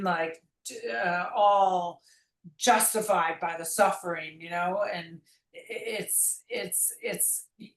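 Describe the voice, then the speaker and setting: A woman's voice: mid-range voice, fairly bright tone. Earnest, rambling woman in an echoey room. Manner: earnest, rambling, many restarts. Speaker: guest, memoir author. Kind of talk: reflective conversational interview.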